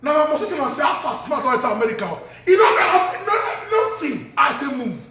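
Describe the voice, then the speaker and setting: A man's voice: very high voice, big pitch swings, fairly quick, pushed and bright. A man ranting heatedly in a Nigerian Pidgin accent, hurling insults. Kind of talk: angry social media rant. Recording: echoey room from far off.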